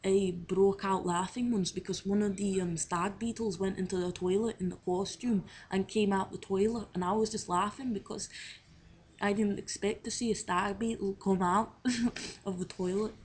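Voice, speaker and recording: A woman's voice: medium pitch, steady tone, moderate pace, a little mellow, husky, poor audio. A young woman talking to camera in a casual video diary, rambling and unsure of herself, with many fillers. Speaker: drama student on placement.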